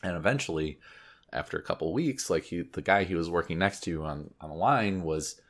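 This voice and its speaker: A man on a casual podcast, retelling a story with lots of fillers and lively quoted voices. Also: a little fast. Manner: animated retelling with many fillers, jumps high for quoted voices. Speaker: podcast co-host.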